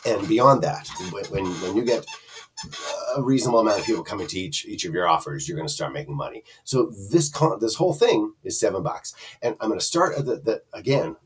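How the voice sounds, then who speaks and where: Casual reviewer, low lively voice, chatty and meandering, recorded slightly distant from the mic. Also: male voice, a little fast, slightly rough. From Canada. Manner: rambling, chatty, many fillers and restarts. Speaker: product reviewer. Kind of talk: casual screen-share review.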